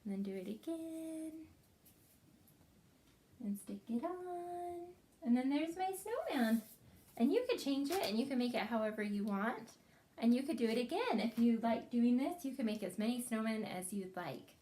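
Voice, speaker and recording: A woman leads a follow-along craft lesson for small children. Her voice sits a little high, and she speaks in a slow, gentle and encouraging way, as if guiding toddlers step by step. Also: expressive, slight background noise. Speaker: preschool teacher.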